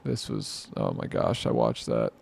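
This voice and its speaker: A man's voice: very deep voice, huge pitch swings, a little slow, creaky, a little mellow, husky. A man giving rambling, exasperated reaction commentary, muttering to himself and mocking what he watches. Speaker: commentary vlogger.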